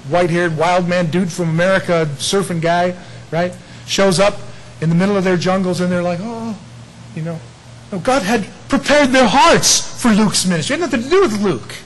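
A man preaching a sermon, conversational and playful, dropping to hushed asides and rising to loud emphatic peaks. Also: high voice, normal speed, low-quality recording. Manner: chuckles often, conversational and playful. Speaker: pastor.

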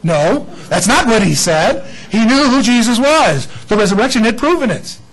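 A man preaching an Easter sermon in a lively way, acting out the people in the story. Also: very high-pitched, moderate pace, poor audio. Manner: animated, acts out bible figures. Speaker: pastor.

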